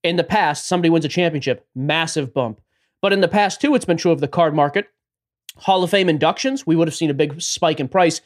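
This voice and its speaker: A man co-hosting a casual sports-card podcast, upbeat and running through the rundown with quick asides. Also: on the high side. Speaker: podcast co-host. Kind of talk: casual podcast chat about sports cards.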